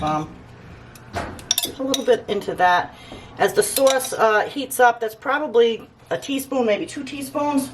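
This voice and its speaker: A woman's voice: mid-range voice, background noise. Chatty woman cooking in an echoey kitchen. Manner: chatty, joking, homey. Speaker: home cooking host. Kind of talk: casual cooking demonstration. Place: home kitchen. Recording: echoey kitchen, mic at a distance, cooking clatter.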